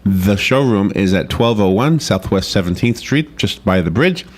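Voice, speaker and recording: A man's voice: lowish voice, animated, normal speed. A man hosting a morning radio show in a studio, chatting easily, laughing often and reading sponsor copy. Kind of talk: casual radio talk.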